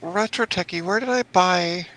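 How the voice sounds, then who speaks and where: A man in a casual group chat who asks questions and searches his memory out loud. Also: high-pitched, moderate pace, rough recording.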